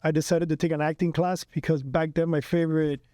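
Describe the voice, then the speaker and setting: Fast-talking man hosting a podcast. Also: a little high, dry recording, studio quality. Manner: animated, rambling storyteller. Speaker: podcast host. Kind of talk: casual chat.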